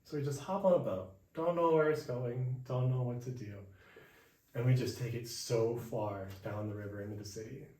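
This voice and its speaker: A young man hosting a podcast, telling a travel story in a relaxed chat at home and acting out the people he met. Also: medium pitch, normal speed. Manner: animated, acts out quoted voices. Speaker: podcast host. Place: indoors at home. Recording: echoey room, mic far off, faint hiss.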